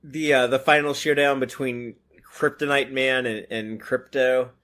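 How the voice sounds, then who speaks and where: A man's voice: mid-range voice, steady tone, a bit bright. Male podcast co-host, mid-range voice, hesitant and filler-heavy. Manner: halting, many fillers and "like". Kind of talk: casual chat about comics.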